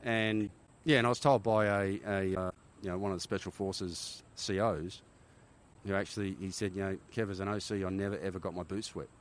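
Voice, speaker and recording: A middle-aged Australian man, a former army helicopter pilot, telling animated stories in a casual interview, often checking in with "right?". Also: sits low, a little fast. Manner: animated war-story telling, frequent "right?" tags.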